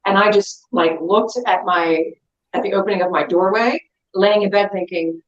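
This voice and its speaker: A middle-aged woman, a guest, telling a story in an animated, lively way over a video call. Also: mid-range voice, normal speed, roomy sound, highs cut off. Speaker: guest, crystal seller. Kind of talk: casual storytelling chat.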